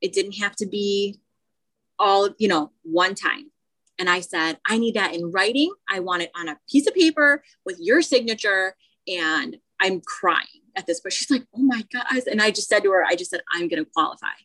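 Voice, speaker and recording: A woman co-hosting a podcast, telling a personal story in casual chat, animated, with many restarts. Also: medium pitch, moderate pace, low-quality recording. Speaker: podcast co-host.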